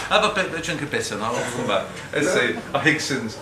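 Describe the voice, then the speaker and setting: Over a noisy crowd, a middle-aged Liverpudlian guest speaker talks at normal speed and medium pitch, animated as he tells rambling, self-mocking stories to an audience in an event hall. He's chatty, laughs a lot and acts out quotes; the hall echoes, the mic sits far away and background noise comes through.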